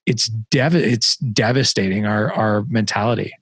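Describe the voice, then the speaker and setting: A middle-aged man hosting a podcast in casual conversation, animated and quick to joke and laugh. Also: lowish voice, husky, no room sound. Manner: animated, joking, laughs often. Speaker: podcast host.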